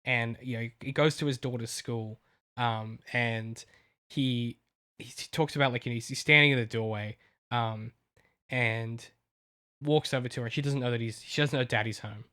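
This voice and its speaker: Male co-host, novelist, emotional and rambling, mid-pitched. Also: steady tone, normal speed, pushed and bright. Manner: emotional, rambling with many restarts. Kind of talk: casual chat.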